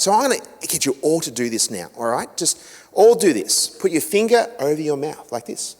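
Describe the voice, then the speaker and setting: A middle-aged Australian man giving a seminar talk to a church group, an animated storyteller who acts out quotes with self-mocking humour. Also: fairly high pitch, a little fast. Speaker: guest speaker on family relationships. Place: church hall. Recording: echoey hall with long reverb.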